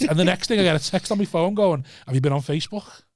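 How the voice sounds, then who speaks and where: A man telling a story on a podcast, animated and swearing as he acts out the voices. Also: a little high, quick pace, few pauses, no room sound. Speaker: comedian.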